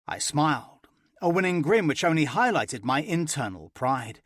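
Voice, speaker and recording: A man narrating a first-person romance audiobook with an expressive, playful reading. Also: a little high, moderate pace, no room sound, studio quality.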